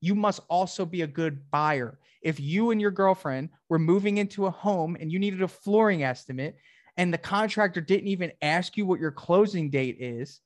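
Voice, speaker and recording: A man with a fairly high voice runs a one-on-one sales coaching session. He talks directly and with emphasis, pressing his trainee with questions. The sound is dry and close. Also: moderate pace, no echo. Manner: direct, emphatic, acts out customer dialogues.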